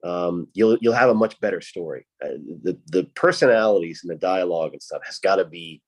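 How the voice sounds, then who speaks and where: A man's voice: deep voice, fairly quick. A man from Rhode Island hosting a podcast, chatty and laughing often. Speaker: podcast host. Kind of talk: casual chat.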